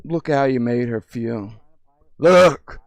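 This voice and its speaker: A man chatting with strangers in a VR game, crude and teasing, swinging from mumbles to shrill giggles and shouts. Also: expressive, measured pace, no echo. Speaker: VR streamer. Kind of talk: casual VR chat with strangers.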